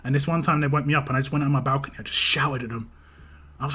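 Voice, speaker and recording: An English man hosting a game livestream, telling rambling stories in a relaxed way, often restarting his sentences and chuckling. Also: mid-range voice, racing, husky. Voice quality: big, laid-back presence. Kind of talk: casual stream chat.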